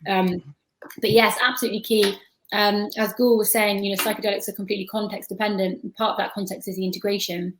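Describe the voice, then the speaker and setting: A woman's voice: mid-range voice, little pitch movement, fast talker, rough recording. A woman on a video-call panel, talking at length in a thoughtful, chatty way and often restarting her words.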